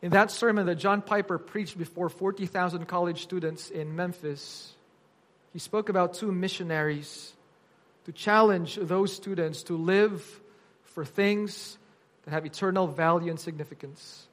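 A man's voice: high voice, a little slow. A man preaching a sermon, earnest and pleading, pressing his points with emphasis. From Philippines.

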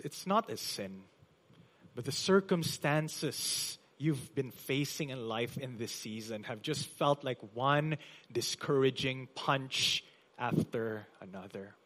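A man pastor preaching a sermon in a church, with emphatic delivery that swells loud on key phrases and drops soft. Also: medium pitch, lively intonation, takes it slowly. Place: church hall.

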